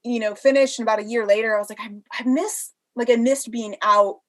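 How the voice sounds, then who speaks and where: A woman's voice: on the high side, steady tone, a little fast. A pregnant woman telling stories in a casual podcast interview, laughing often and acting out the voices of people she quotes. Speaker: interview guest.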